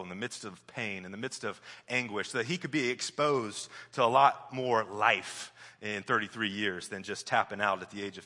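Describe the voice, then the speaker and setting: A young man preaching a sermon as pastor, an animated storyteller who builds up loudly, then drops to a soft, quiet voice. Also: on the low side. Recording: long hall reverb.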